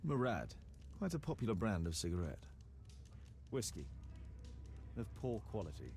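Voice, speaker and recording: An actor voicing a dry, observant male detective in a studio game, with a measured, matter-of-fact delivery. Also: on the low side, huge pitch swings, over music. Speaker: game character narrating clues.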